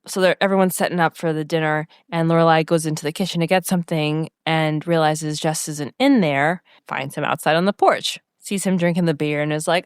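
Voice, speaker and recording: A young woman with a fairly low voice chats casually on a podcast, retelling scenes and putting on the lines of each character. Her sound is close and dry, with no room around it. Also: a little fast, hardly any pauses, no room sound. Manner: animated storytelling, acts out quoted lines. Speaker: podcast co-host. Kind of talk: casual chat recapping a TV episode.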